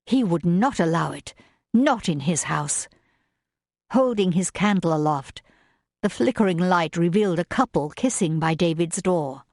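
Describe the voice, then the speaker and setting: A woman narrating a romance audiobook in a measured, even reading style. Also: on the low side, no echo, clean studio sound. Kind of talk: scripted narration.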